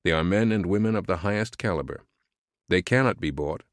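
Deep-voiced man narrating an audiobook. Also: dry recording, studio quality. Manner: earnest, measured, preaching tone.

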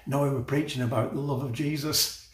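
A man's voice: mid-range voice, fairly even intonation, a little fast, echoey room. A man preaching a sermon with passion, laughing often and repeating phrases.

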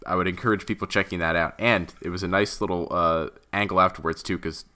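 A man co-hosting a casual podcast chat, cursing and ranting with lively exasperation. His voice is bright and forward, and it sits a little low for a man. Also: quick pace. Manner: profane, ranting, animated. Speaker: podcast co-host.

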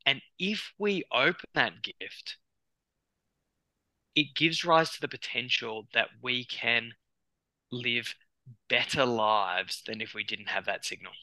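Australian guy psychologist on a podcast, really bright tense voice, dry close sound, talks fast with lots of restarts. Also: mid-range voice, no echo, low-quality recording. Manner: animated, acts out clients' inner voices, many restarts. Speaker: psychologist guest. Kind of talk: conversational podcast interview.

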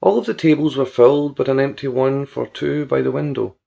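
A male narrator reads a story at a measured, even pace. His voice is strongly gravelly. The recording sounds dull and lo-fi. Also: medium pitch. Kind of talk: audiobook narration.

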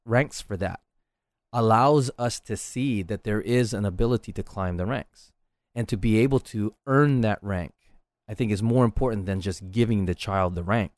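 This middle-aged martial arts instructor has a lowish, slightly mellow voice and talks at normal speed, with no echo. On his casual solo podcast he speaks earnestly in a coaching manner, repeatedly tagging his points with "right?"

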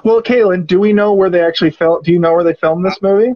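High-voiced rambling man, movie chat. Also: fast talker, lo-fi sound. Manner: rambling, lots of "like" fillers. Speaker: podcast host. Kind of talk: casual movie discussion.

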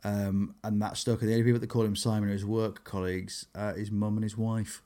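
A man's voice: on the low side, fast. A man, a comedian telling stories in casual podcast chat and acting out what people said. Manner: animated storytelling, acts out quotes.

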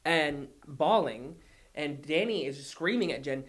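A man's voice: a little high, unhurried. A man telling an emotional story and acting out the people in it with heat. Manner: animated, heated retelling with voiced quotes.

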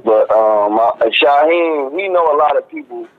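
A man who is a musician, calling in to a casual radio interview, laid-back and slangy, with halting speech. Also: fairly high pitch, lively intonation. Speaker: musician guest. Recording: tinny phone line.

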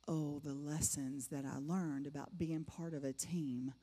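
A woman's voice: deep voice, fairly even intonation, measured pace, few pauses, dark tone. A middle-aged woman giving a personal testimony to a church congregation, emphatic and repeating phrases for effect. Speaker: church speaker. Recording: long reverb of a large hall.

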